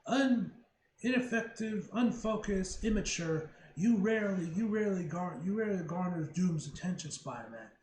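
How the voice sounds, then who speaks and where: A man's voice: high-pitched, lively intonation, normal speed, darkish tone. A man reading the lines of a haughty male armored dictator-sorcerer villain, stumbling over the long formal words. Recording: roomy room, faint noise.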